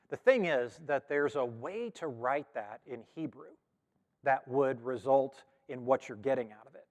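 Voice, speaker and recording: A male pastor talks through a Bible passage in a relaxed, conversational way. He often stops with an um, restarts or corrects himself. His mid-pitched voice rings with the long reverb of a big church hall. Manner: conversational, with frequent fillers and self-corrections. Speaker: pastor teaching a Bible study. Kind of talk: casual Bible study teaching.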